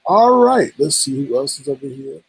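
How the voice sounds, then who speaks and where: A man's voice: medium pitch, big pitch swings, moderate pace, slightly rough, poor audio. A man hosting a live-stream gossip commentary show, teasing and exclaiming as he greets the chat and runs through the night's topics. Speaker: host.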